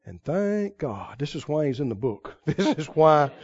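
Preacher guy, high voice swinging all over, fervent sermon, dull lo-fi recording. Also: sing-song, a little slow, a little mellow. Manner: fervent, calls out to the congregation.

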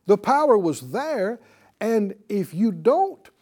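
A man's voice: sits high, big pitch swings, slow, a little mellow. A man teaching a Bible class in a call-and-response style. He stresses and repeats key words and has the class repeat lines back to him.

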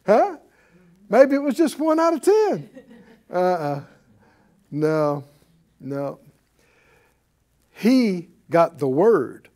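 A man preaching a sermon, asking his congregation questions and acting out shouts of praise. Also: on the high side. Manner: animated, calls out to the congregation and acts out shouts of praise.

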